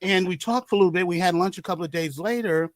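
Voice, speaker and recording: A man on a podcast telling stories with lively acted-out quotes, dropping to a hush for sad moments. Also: high voice, fast, no room sound. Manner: animated storyteller acting out quotes, trails into hushed tones. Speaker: guest, artist manager and concert promoter. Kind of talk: casual storytelling chat.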